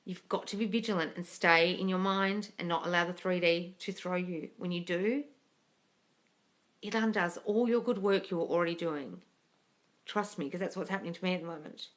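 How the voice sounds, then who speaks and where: A woman's voice: medium pitch, fairly bright tone. A woman hosting a live question-and-answer stream as a manifesting coach, talking casually, earnestly and emphatically as she opens up about her own struggles.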